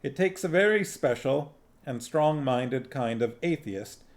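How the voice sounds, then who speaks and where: A man reading a novel aloud on a stream, narrating in a slow, deliberate way. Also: medium pitch, expressive. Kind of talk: audiobook-style narration.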